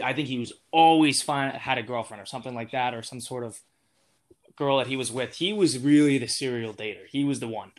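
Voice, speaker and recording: A young man as an interview guest, talking in a casual, rambling way with lots of fillers and restarts. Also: medium pitch. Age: young adult.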